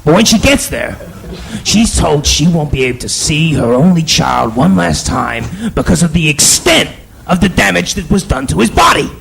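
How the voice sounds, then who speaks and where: A man voicing a stand-up comic who builds up a story, then shouts the punchline. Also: a little high, creaky, slight background noise, full character voice.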